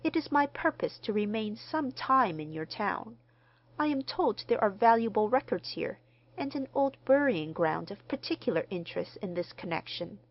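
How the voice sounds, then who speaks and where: A woman reading the part of a mild, courteous gentleman stranger who speaks formally. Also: medium pitch, very animated, normal speed, lo-fi sound. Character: mild, polite middle-aged gentleman stranger.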